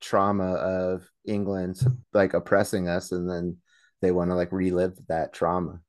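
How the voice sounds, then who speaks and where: A man's voice: low-pitched, completely flat delivery, unhurried, no room sound, clean studio sound. A man co-hosting a podcast in casual chat, crude and joking, laughing often. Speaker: podcast co-host.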